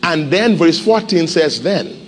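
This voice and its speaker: A man pastor preaching a sermon in a church, animated and urging the congregation to respond. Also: high-pitched, measured pace, in a large hall, slight background noise. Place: church sanctuary.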